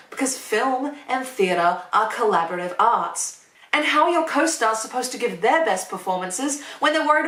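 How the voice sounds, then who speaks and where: A woman YouTuber delivering a sarcastic opinion monologue, sardonic and swearing, with deadpan asides. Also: fairly high pitch. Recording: echoey room, distant mic.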